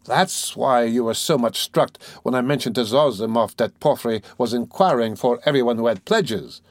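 A man voicing a blunt, excitable young male friend who speaks loudly and eagerly. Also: medium pitch, normal speed, no echo, close to an everyday voice. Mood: excited. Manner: loud, eager, outspoken.

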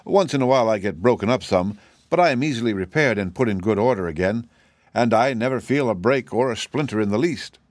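A man's voice: medium pitch, lively intonation, fairly quick, dry recording, clean studio sound, close to an everyday voice. A man voicing a living wooden sawhorse, earnest and simple, sometimes hesitant. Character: wooden male sawhorse, proud yet meek.

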